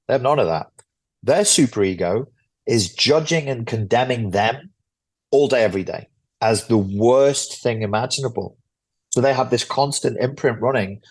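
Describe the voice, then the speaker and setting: A man's voice: medium pitch, normal speed, breathy edge. A man, a guest author, explaining a psychology topic in an interview in a blunt, lecture-like way, swearing freely.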